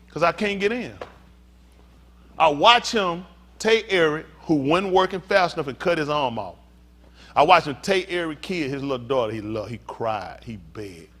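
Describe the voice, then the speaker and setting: A man preaching a sermon as pastor, swinging from hushed talk to shouting. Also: a little high.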